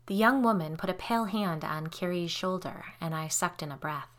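A woman hosting a podcast, narrating a first-person story with expressive reading that drops low and soft for the tense parts. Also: moderate pace, hardly any pauses.

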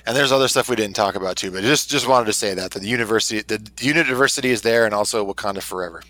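A man co-hosting a podcast speaks earnestly, often restarting his phrases. His voice is lowish. The sound is dry and close. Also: very fast, pushed and bright, no echo, rough recording. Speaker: podcast co-host. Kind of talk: casual chat.

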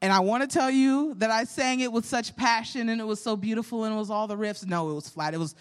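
Candid young woman, slightly high voice. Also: fast, few pauses. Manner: earnest, candid storytelling with self-deprecating humor. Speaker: podcast host. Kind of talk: faith podcast monologue.

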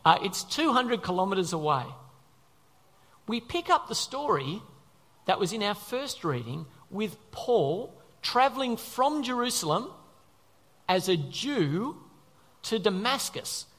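A male preacher gives an animated sermon in a conversational way, pausing often to question the congregation. His fairly high voice swings widely in pitch. A long hall reverb trails behind his words.

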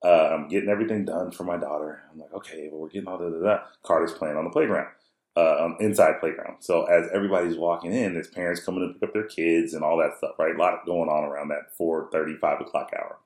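A man in his thirties, a podcast co-host, telling a rambling, animated story with many restarts in casual chat. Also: low-pitched, fast, reverberant.

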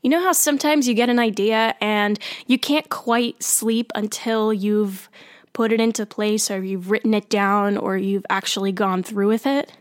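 A woman's voice: fairly high pitch, no room sound, studio quality. A young woman hosting her podcast in a chatty, slangy way, her voice nasal from a cold and a little tired. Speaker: podcast host. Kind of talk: casual podcast monologue.

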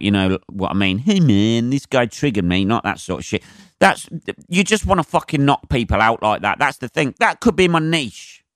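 A man's voice: mid-range voice, a bit bright, no room sound, studio quality. A male comedian hosting a podcast, ranting alone in a profane, rambling way. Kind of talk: solo podcast rant.

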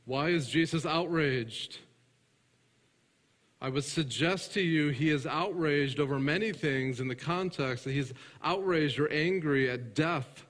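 A man preaching a sermon, alternating between loud emphatic passages and hushed, soft ones, and putting questions to his congregation that he answers himself. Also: on the high side, measured pace. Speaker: pastor. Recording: reverberant large room.

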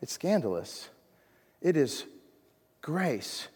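A man preaching a sermon as a pastor, reading scripture and swinging between loud emphasis and hushed lines. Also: on the high side, sing-song, takes it slowly, husky. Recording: long reverb of a large hall.

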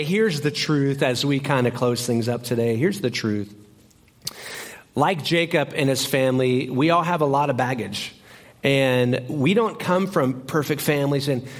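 A young man preaching a sermon as pastor in a church, telling stories in an animated way and acting out both sides. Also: fairly high pitch. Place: church sanctuary.

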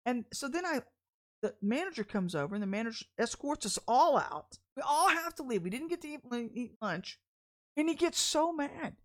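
A middle-aged woman minister telling personal stories in a sermon, chatty and animated, often laughing as she talks. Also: high-pitched, normal speed. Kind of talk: candid storytelling sermon.

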